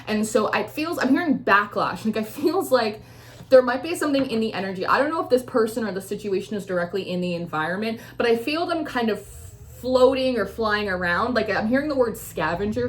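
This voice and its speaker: A woman's voice: fairly high pitch, expressive, fairly quick. A young woman giving a casual intuitive tarot reading, rambling with many fillers and acting out quoted voices. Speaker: tarot reader.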